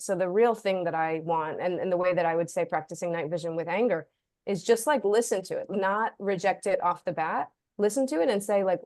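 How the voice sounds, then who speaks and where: A woman's voice: on the low side, a little fast, darkish tone, no echo. A woman author in a casual discussion, talking in a chatty way, often saying "like" and briefly acting out the voices she quotes. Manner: chatty, leans on "like", acts out quoted inner voices. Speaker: author and guest.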